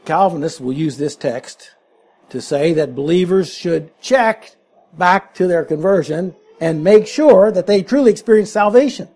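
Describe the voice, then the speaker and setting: A man's voice: high-pitched, lively intonation, a little slow, a little mellow, breathy edge. A man preaching an expository sermon, emphatic as he explains scripture word by word.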